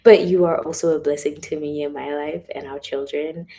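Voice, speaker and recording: A young woman chatting on a livestream, often slipping into hushed whispers, with a headache. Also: sits low, steady tone, normal speed, rough recording. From South Africa. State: has a headache. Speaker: author on a livestream. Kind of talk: casual livestream chat. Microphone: phone or webcam livestream.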